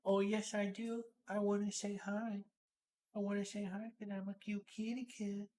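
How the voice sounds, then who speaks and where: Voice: medium pitch, level tone, normal speed, a little mellow, voice pushed up, natural voice. A streamer voicing their pet cat as a cute, attention-seeking kitty in sing-song baby talk. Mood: cutesy.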